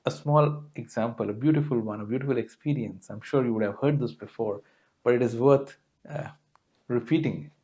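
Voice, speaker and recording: A man's voice: mid-range voice, moderate pace, darkish tone. A man giving a spiritual talk to a gathering, telling stories earnestly with frequent small fillers. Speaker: guest speaker.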